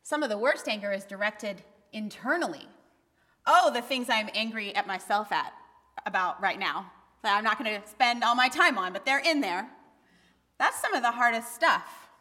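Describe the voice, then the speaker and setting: Woman preaching with a bright voice in a hall. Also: fairly high pitch, animated, moderate pace. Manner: candid, conversational preaching with bursts of emphasis. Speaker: pastor. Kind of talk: sermon. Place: church sanctuary. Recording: long reverb of a church hall.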